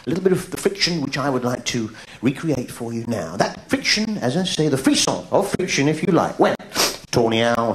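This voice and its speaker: An English man doing live stand-up comedy, reeling off absurd non sequiturs in a bouncy, sing-song way, with a quizzical "hmm?" between jokes and sudden high shouts. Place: large theatre stage. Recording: roomy theatre sound from an old video tape, with noise. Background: audience laughter.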